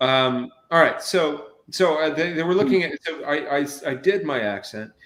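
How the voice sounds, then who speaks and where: An actor chatting as an interview guest, rambling with many fillers and restarts. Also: male voice, fairly high pitch, expressive, moderate pace, fairly bright tone, echoey room. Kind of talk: casual interview chat.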